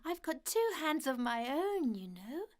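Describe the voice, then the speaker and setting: Sweet, very high young fairy. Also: female voice, big pitch swings, unhurried. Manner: soft, sweet, giggly. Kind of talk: cartoon dub.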